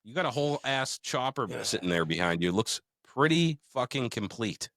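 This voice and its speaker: A man's voice: mid-range voice, lively intonation, fairly quick, a bit bright, no room sound, studio quality. A man co-hosting a podcast in casual chat, swearing freely, joking and reading out listener mail. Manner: profane, joking, reads listener mail aloud. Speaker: podcast co-host.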